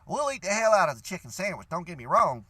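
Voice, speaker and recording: A man's voice: high-pitched, very animated, quick pace, pushed and bright, dry recording. A young man from Louisiana with a Cajun accent, telling a rambling, profane story in a casual rant to his viewers. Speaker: vlogger.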